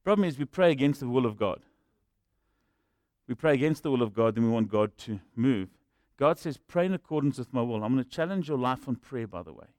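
Animated man preaching a sermon. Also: mid-range voice, brisk, no echo. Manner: animated and rhetorical, with humorous asides. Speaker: pastor.

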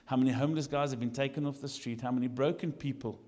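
Lively preacher in a hall. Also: male voice, mid-range voice, fast. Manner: animated, jokey, swings from shouting to quiet asides. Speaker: lead pastor. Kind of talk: sermon. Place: church hall.

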